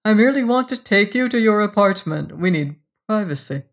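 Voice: mid-range voice, animated, brisk, vocal fry, pitched above the performer's own voice. An audiobook narrator voicing a petulant, scheming devil who speaks in a fussy, pettish and mocking manner. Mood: pettish, sly. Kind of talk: audiobook reading.

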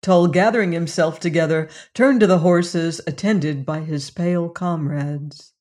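A narrator reading a classic western novel aloud as host of the show, at a middle pitch. The delivery is slow, measured and deliberate, letting each scene unfold at an unhurried storytelling pace. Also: darkish tone.

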